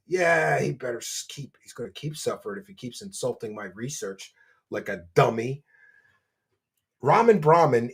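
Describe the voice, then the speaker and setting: A man's voice: medium pitch, animated, normal speed, vocal fry, fairly bright tone, husky. A man hosting a livestream, reading donations and mocking a guest in a boastful, rambling way. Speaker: livestream host.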